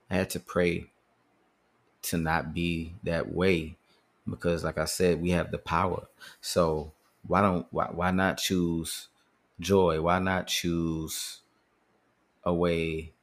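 A man's voice: low-pitched, fairly bright tone. A man hosting a podcast, talking earnestly and casually about handling anger, often repeating words as he thinks. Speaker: podcast host. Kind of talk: casual motivational talk.

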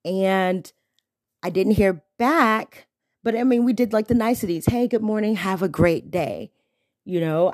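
A young woman hosts her podcast close to the mic, with a dry, dead sound. She chats casually and uses slang. Her pitch leaps high when she gets indignant. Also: no echo. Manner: animated, exclaims with sharp pitch jumps when indignant; slangy, conversational. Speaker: podcast host. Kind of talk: casual storytelling monologue.

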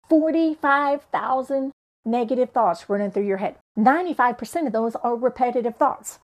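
A middle-aged woman with a slightly high voice hosts a motivational podcast. She speaks straight to her listeners, fired up, blunt and profane, like a preacher. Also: darkish tone. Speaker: podcast host.

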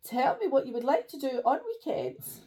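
A woman acting as quizmaster on a podcast, asking questions in a quick, playful way. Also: high voice, very animated, warm tone, recorded from a distance. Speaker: quizmaster guest. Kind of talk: casual chat.

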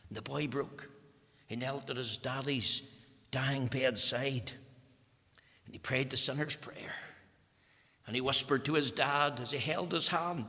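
Fervent preacher, gravelly. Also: male voice, mid-range voice, a little slow. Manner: fervent, rising and falling to a hush. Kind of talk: sermon. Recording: echoey hall.

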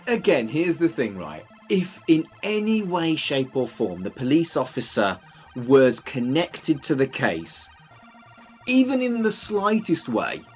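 A man co-hosting a podcast in casual chat, making slow, sweary, deadpan objections. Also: a little high, soft background music. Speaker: podcast co-host.

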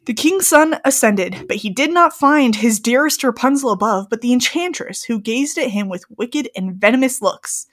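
The story reader and co-host, a young woman, giggles through an old-fashioned fairy tale and interrupts herself with joking remarks. She sounds slightly high, animated and fairly bright, speaking at a moderate pace with few pauses.

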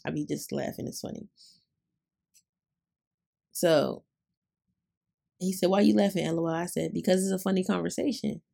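A woman's voice: fairly low pitch, moderate pace, vocal fry, long pauses, warm tone, slightly rough. A young adult woman, hosting a podcast and retelling a story in casual chat, laughing often. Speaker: podcast host.

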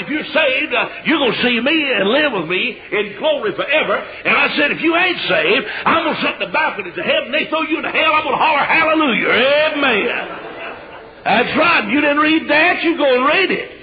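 A man with an East Tennessee Southern accent preaching a revival sermon in a folksy storytelling way, often breaking into shouts. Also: high-pitched. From Tennessee, USA. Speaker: evangelist preacher. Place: church service before a congregation. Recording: dull lo-fi live church recording. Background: congregation calling out amens.

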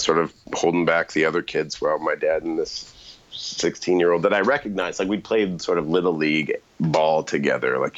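Middle-aged man, very deep voice, casual podcast storytelling, rambling, self-correcting. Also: lo-fi sound.

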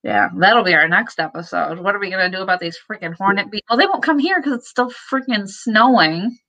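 A woman's voice: medium pitch, lively intonation, sharp tone, low-quality recording. A woman co-hosting a podcast in casual chat, joking and laughing as she riffs. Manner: jokey, puts on quick silly voices, laughs often. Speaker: podcast co-host.

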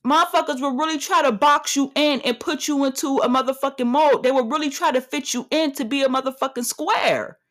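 Woman, 30s, podcast host, solo rant, brash, profane, swaggering, slightly high voice. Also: brisk, hardly any pauses, fairly bright tone.

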